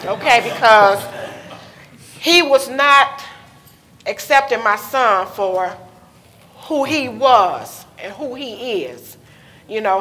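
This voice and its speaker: A woman's voice: fairly high pitch, fairly bright tone. A woman speaking at a conference panel, telling a personal story as a mother, candid and nervous, close to tears at times. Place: conference hall with audience. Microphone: handheld microphone.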